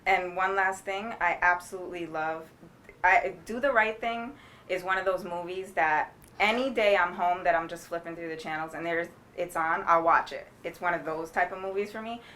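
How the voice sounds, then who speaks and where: A woman reporter asking interview questions in a soft-spoken, warm way. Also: on the low side, moderate pace.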